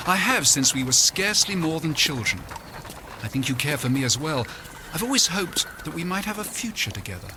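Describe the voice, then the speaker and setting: A man's voice: a little high, sing-song, brisk, background noise. An actor playing an earnest young man tenderly courting his sweetheart in a radio drama. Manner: tender, heartfelt. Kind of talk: vintage radio drama acting.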